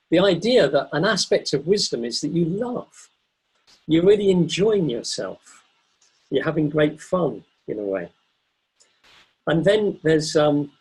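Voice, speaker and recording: Guy giving a buddhist dharma talk, kinda husky voice, calm and thoughtful, lots of ums. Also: fairly high pitch, poor audio. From Britain. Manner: thoughtful, unhurried, pauses with ums and self-corrections. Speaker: Buddhist teacher.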